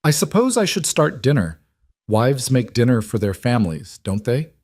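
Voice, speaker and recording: A man voicing a young frontier bride who speaks softly and earnestly, in a western storybook reading. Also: medium pitch, big pitch swings, normal speed, husky, dry recording, studio quality.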